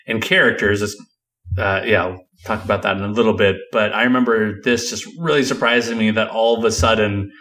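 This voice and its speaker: A man's voice: lowish voice, steady tone, a little fast, a bit bright. Man co-hosting a casual movie podcast. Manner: conversational, laughs often. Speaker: podcast co-host. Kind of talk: casual film discussion.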